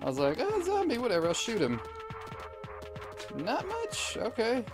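A man giving let's play commentary, rambling with deadpan absurd jokes. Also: high voice, unhurried, music in the background. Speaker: gamer.

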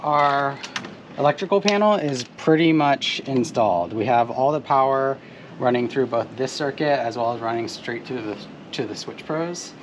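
A man's voice: mid-range voice, normal speed, a little hiss or hum. A man in a casual how-to vlog, explaining step by step with fillers while working on a truck in a driveway outdoors.

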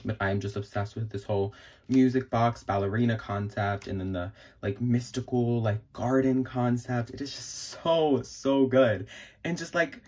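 A young man in a casual unboxing vlog, gushing and excitable, with frequent gasps and many fillers. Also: mid-range voice, moderate pace. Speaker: vlogger.

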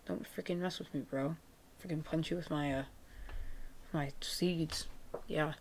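A woman with a gravelly voice giving chatty, laid-back, self-mocking commentary over her gameplay. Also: deep voice, fairly even intonation, a little slow, long pauses, a little mellow, a little hiss or hum. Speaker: gaming video creator. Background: background music, keyboard typing.

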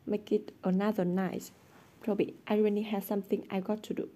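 A woman voicing a moody, secretive teenage boy who talks in a hushed, evasive way, in a storybook reading. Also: mid-range voice, little pitch movement, fairly quick, natural voice. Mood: apologetic.

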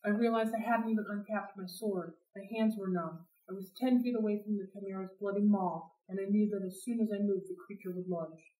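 A woman's voice: medium pitch, steady tone, fairly quick, hardly any pauses, dark tone. Woman reading a novel aloud, roomy. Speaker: library read-aloud host. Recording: roomy sound, distant from mic.

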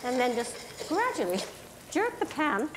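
With background noise behind her, the actress speaks in a high voice with big pitch swings at a measured pace. Her role in this 1960s television drama is a chipper cooking show guest, a tall, exuberant, cheerful TV cook in her fifties whose theatrical, warbling delivery includes French phrases.

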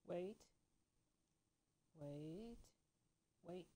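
A low, dark-toned woman talks through a video game run. She grumbles and curses at enemies, her voice jumping up sharply when annoyed, then apologizes for the swearing. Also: animated, very slow, low-quality recording. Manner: pitch jumps high when annoyed. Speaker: let's play gamer. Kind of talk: casual gameplay commentary.

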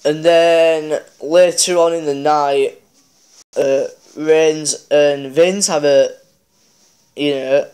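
A man's voice: fairly high pitch, steady tone, extremely slow, a little mellow, clean tone. A man hosting a mobile game channel, casually recapping a wrestling show with lots of fillers and restarts. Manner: rambling, many fillers and restarts.

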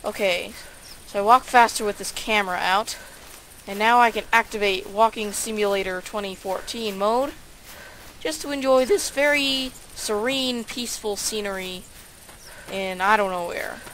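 A woman's voice: medium pitch, normal speed, fairly bright tone, a little hiss or hum, poor audio. A woman giving casual, sarcastic let's-play commentary, grumbling and talking to herself as she plays. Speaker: gaming YouTuber.

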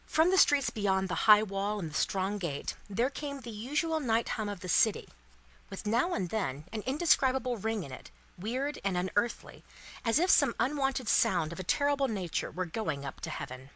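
A woman narrating a classic novel in an expressive, dramatic storybook reading for English learners. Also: medium pitch, normal speed, low-quality recording.

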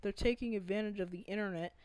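A woman's voice: medium pitch, fairly even intonation, quick pace, darkish tone, low-quality recording. A woman in an unscripted gaming rant, earnest and pleading, often stopping to restart her sentences. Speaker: gaming vlogger.

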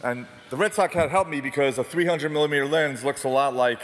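A man speaking on stage as a photojournalist, telling war stories in an animated, self-deprecating way. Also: medium pitch, brisk. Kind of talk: storytelling talk on stage. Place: large theatre hall. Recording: distant reverberant hall, faint noise.

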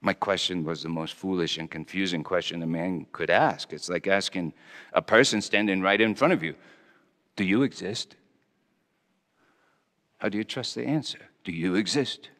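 A male pastor preaching a dramatic first-person monologue, speaking in character as a Roman governor with a theatrical, halting delivery. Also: deep voice, fairly bright tone. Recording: long reverb of a large hall.

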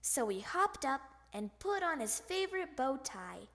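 A woman reading a children's picture book aloud with an expressive, animated delivery and sound effects. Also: sits high, unhurried, gravelly. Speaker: storybook reader.

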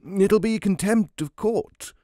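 Man doing a growly stern judge, higher than his own voice, slow and heavy. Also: warm tone, dry recording, studio quality. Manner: growling, threatening. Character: stern, gruff male judge.

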